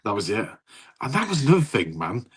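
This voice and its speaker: Husky man telling stories. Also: lowish voice, wildly swooping pitch, fairly quick. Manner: rambling, laughing storyteller who swears. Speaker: podcast co-host. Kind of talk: casual chat.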